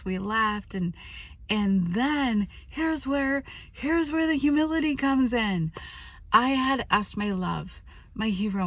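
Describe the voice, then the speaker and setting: Woman relationship coach, casual vlog storyteller, self-deprecating, mid pitch, dry recording. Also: dry recording. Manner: chatty, self-deprecating, with fillers and asides.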